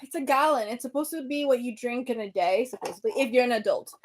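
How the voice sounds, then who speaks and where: A young woman with a high, light voice chats casually on a livestream, bubbly and easily distracted. She talks straight to her viewers and sounds a little out of breath. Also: quick pace, a little hiss or hum. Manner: bubbly, chatty, distracted, reads comments aloud. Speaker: livestream host.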